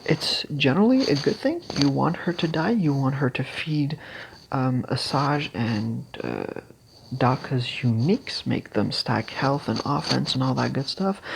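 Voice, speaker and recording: A casual game strategy guide creator explaining team builds haltingly, with many fillers and restarts, and clearing their throat now and then. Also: medium pitch, a little hiss or hum, poor audio.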